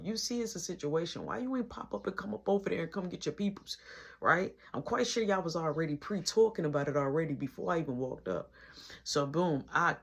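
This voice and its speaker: A woman with a low, husky voice tells a casual first-person story in slangy street talk. She acts out each quoted line of dialogue as she goes, keeping the telling lively.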